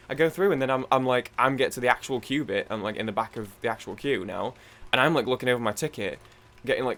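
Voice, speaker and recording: A young man, casually rambling through a story while playing a game, animated and swearing freely. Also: mid-range voice, brisk. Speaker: gaming video host.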